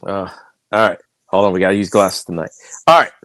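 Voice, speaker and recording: A man co-hosting a casual podcast, giving a steady, conversational recap and asking the others questions. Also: sits low, brisk, dry recording. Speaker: podcast co-host recapping wrestling.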